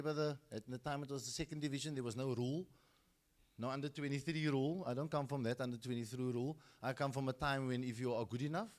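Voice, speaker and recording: Speaking a little high, a middle-aged man with a South African accent acts out the people he quotes while telling stories in a speech at a school football launch.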